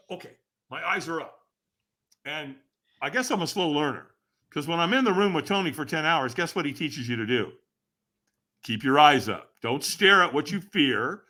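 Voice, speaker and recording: A man guesting on a podcast, telling a story with animated energy and acting out the dialogue. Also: mid-range voice. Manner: acts out quoted dialogue, emphatic and lively.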